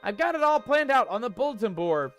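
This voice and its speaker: Man doing an eager young farm boy scout, earnest, pleading, high clear voice, faint game music. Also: big pitch swings, fairly quick, fairly bright tone, exaggerated voice. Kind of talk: reading game dialogue aloud.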